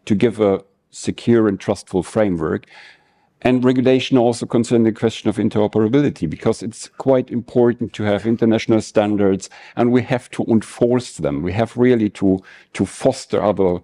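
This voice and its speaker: A man answering on a conference panel, halting and repeating words as he goes. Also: on the low side, warm tone.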